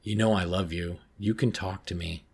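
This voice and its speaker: A man voicing a loving, anxious mother gently pleading with her daughter, in a horror story reading. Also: low voice, fairly even intonation, normal speed, creaky, slightly rough, heavily acted.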